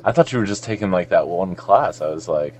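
A man's voice: low-pitched, animated, a little fast, a little mellow, slight background noise. A man from South Florida co-hosting a podcast, joking around and swearing freely in casual banter. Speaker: podcast co-host.

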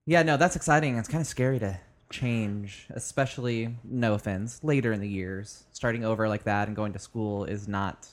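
A man's voice: fairly low pitch, moderate pace. A man co-hosting a casual podcast chat at home, telling stories animatedly and laughing often. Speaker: podcast co-host. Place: home apartment with back door open.

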